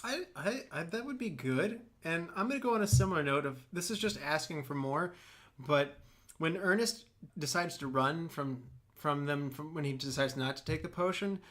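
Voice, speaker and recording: A man's voice: a little high, lively intonation, normal speed, a bit bright. A man co-hosting a movie podcast, chatting casually with enthusiastic, rambling talk. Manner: enthusiastic, rambling with many "like" fillers. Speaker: podcast co-host.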